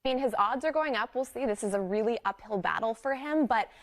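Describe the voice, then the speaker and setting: A woman's voice: fairly high pitch, fast. A woman giving upbeat, persuasive political commentary.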